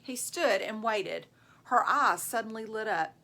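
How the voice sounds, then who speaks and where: A woman reading a children's novel aloud as a teacher, expressive and stopping to prompt her listeners with questions. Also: a little high, measured pace.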